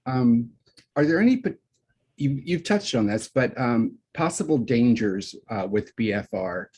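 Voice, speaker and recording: Male host, husky voice, halting delivery, runs the Q&A. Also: medium pitch, expressive, darkish tone. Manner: hesitant, many fillers and restarts. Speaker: webinar host. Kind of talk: moderating questions.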